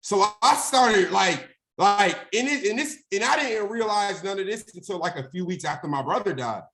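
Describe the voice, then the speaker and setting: Man telling a personal story, slightly high voice. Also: expressive, moderate pace, a bit bright, a little hiss or hum. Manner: casual, repeats "right?" and "crazy", acts out phone calls. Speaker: guest speaker.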